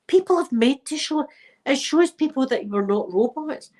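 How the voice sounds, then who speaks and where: A middle-aged Scottish woman with a cold chats casually with live viewers as a channel host, speaking emphatically, repeating phrases and using local words like wee and dead. Her voice is fairly high and darkish in tone, at a moderate pace, on poor audio.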